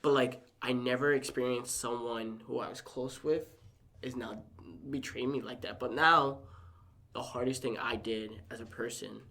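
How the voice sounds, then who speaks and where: A young man, a podcast guest, telling a personal story in casual chat, animated and acting out quotes with lots of "like". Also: mid-range voice, normal speed, vocal fry.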